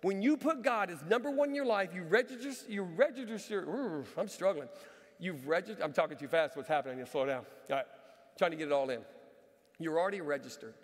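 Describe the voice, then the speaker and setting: High-voiced joking middle-aged pastor, echoing hall. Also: male voice. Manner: lively, joking, conversational preaching. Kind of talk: sermon with personal stories. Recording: reverberant hall.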